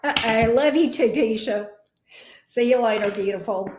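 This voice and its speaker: Woman, tarot reader, live reading, chatty, exclamatory, teasing, slightly high voice, echoey room. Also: normal speed, noisy background.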